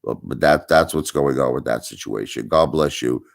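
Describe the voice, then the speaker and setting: A man's voice: a bass voice, moderate pace, creaky. A middle-aged man streaming live, speaking in an insinuating, rhetorical way and repeating his points. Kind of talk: livestream commentary.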